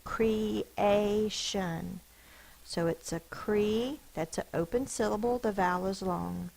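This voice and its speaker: Female elementary teacher, deliberate phonics delivery, slightly gravelly voice. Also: mid-range voice, darkish tone, poor audio. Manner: slow, deliberate, sounds out each letter and syllable. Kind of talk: phonics lesson, sounding out words.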